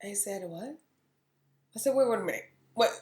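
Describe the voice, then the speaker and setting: A woman's voice: mid-range voice, animated, normal speed, a little mellow, slight background noise. Thirty-something woman vlogging, talks straight to camera, voices everyone in her story, roomy echo. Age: 30s. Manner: candid storytelling, acting out dialogue. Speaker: beauty vlogger. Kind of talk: casual vlog monologue.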